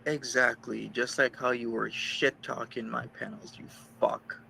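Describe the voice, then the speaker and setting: A man with a gravelly, very bright voice tears into a rival in a furious, profane rant. He circles back to the same complaint again and again, and he spits out insults in between. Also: mid-range voice, little pitch movement, unhurried, a little hiss or hum, rough recording. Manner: heated, insulting, repetitive. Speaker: streamer ranting about a rival.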